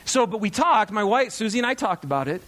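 A man in his thirties, a pastor, preaching in a chatty, animated storytelling way to his congregation. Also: sits high, fast talker.

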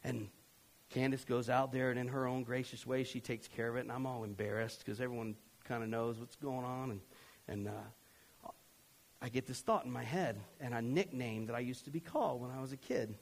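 A middle-aged male pastor telling a story in a sermon, conversational and self-deprecating, who keeps checking in with his listeners and swings from loud outbursts to quiet confession. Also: medium pitch, normal speed, vocal fry.

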